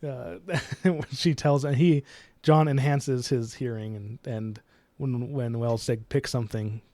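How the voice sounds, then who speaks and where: A man's voice: medium pitch, fairly even intonation, measured pace, mellow, no room sound. A man co-hosting a casual book discussion podcast, laughing often and acting out characters' lines. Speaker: podcast co-host.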